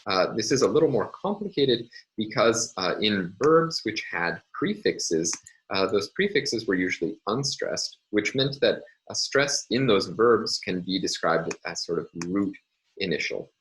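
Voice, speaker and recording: Low-voiced man giving a hesitant lecture. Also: expressive, measured pace, a bit bright, low-quality recording. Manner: hesitant, many ums and uhs, explanatory. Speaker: university lecturer. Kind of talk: recorded linguistics lecture.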